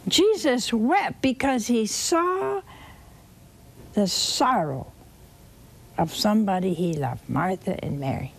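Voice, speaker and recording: A woman preaching a sermon, telling a scripture story slowly and expressively with dramatic repetition. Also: mid-range voice, animated, vocal fry, husky.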